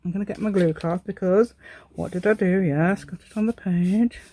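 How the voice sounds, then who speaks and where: There's a noisy background as a woman hosts a casual crafting tutorial, her low-ish voice moving at normal speed with fairly even intonation. She chats and rambles as she works, self-deprecating and laughing frequently.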